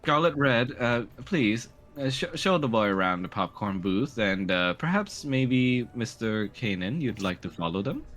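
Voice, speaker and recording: A man's voice: medium pitch, big pitch swings, unhurried, few pauses, fairly bright tone, pitched above the performer's own voice. A man doing a fussy, effusive ringmaster. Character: jolly, fussy male circus ringmaster. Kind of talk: tabletop role-play.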